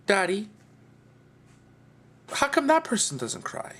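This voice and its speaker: A man's voice: high-pitched, wildly swooping pitch, takes it slowly, a bit bright, husky, pitched above the performer's own voice, exaggerated voice. A dad voicing a curious five-year-old girl. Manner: questioning, childlike.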